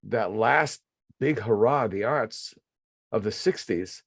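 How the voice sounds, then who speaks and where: A man's voice: fairly low pitch, slow pace, creaky, dry recording. Chatty older man in a dry room. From New England, USA. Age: 60s. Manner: animated storyteller with many fillers. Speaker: podcast host. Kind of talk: casual interview chat.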